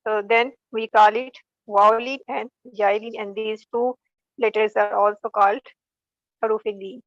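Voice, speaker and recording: A woman teaching a recitation class online, slowly demonstrating each sound and correcting common mistakes. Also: mid-range voice, fairly even intonation, no room sound, lo-fi sound. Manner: patient, slow demonstrating of recitation. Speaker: tajweed teacher.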